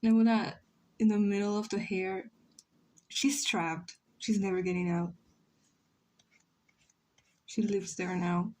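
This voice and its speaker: A woman's voice: medium pitch, steady tone, takes it slowly, long pauses, a little mellow. A young woman from Chile, chatting casually and joking with her chat while she draws on a livestream. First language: Spanish. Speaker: streamer.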